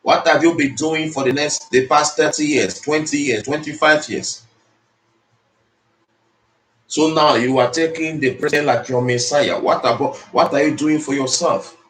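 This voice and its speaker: A man's voice: on the high side, fairly even intonation, normal speed, a bit bright. Emphatic man, roomy echo. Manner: repetitive, emphatic, preachy. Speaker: motivational speaker. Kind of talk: motivational speech. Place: speaking to an audience in the Philippines.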